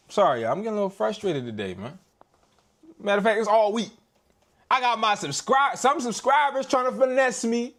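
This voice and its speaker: Casual male streamer: slangy and exasperated, with a high voice that swings widely. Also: animated, moderate pace, a bit bright. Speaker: reseller and wholesaler hosting a live stream. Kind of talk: casual live-stream chat.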